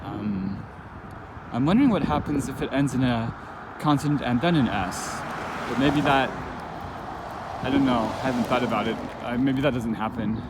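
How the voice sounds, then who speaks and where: A man explains a language point in an unscripted lesson, pausing, restarting and filling gaps as he works things out aloud. His voice sits at an ordinary middle pitch. Car and street noise comes through clearly behind him. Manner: thinking aloud, halting with many restarts and fillers. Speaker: language teacher. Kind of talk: informal spoken lesson.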